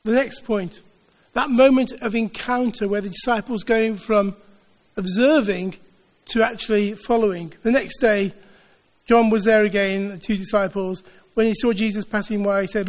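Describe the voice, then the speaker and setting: A man delivering a sermon in an earnest, building rhythm, stacking repeated phrases. His voice sits high for a man. It rings out with a long reverb through a church hall. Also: normal speed. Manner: earnest, repetitive rhetorical build-ups. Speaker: preacher.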